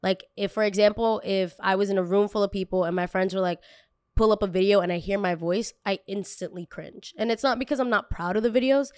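A woman's voice: mid-range voice, a little fast, few pauses, darkish tone, no room sound, studio quality. A young woman content creator candidly telling a personal story, emotional and full of casual fillers.

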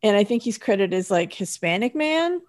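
A woman's voice: medium pitch, sing-song, moderate pace, darkish tone. Woman co-hosting a podcast. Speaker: podcast co-host. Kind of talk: casual podcast chat.

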